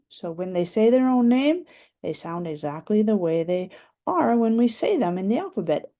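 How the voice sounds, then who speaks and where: A woman's voice: lowish voice, expressive, takes it slowly, dark tone, highs cut off. A woman teaching a phonics lesson to young children, patiently stretching out letter sounds and syllables.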